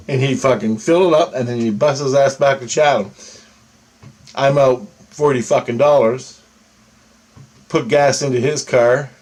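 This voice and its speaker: A man's voice: mid-range voice, moderate pace, a little mellow. A young man in a casual monologue, recounting a dream with heavy cursing, rambling on and checking in with "right?" and "okay?". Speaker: vlogger.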